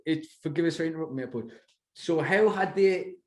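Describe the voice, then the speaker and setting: A man hosting a casual chat, relaxed and agreeable. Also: a little high, fast, reverberant. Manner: relaxed, says aye a lot. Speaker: host.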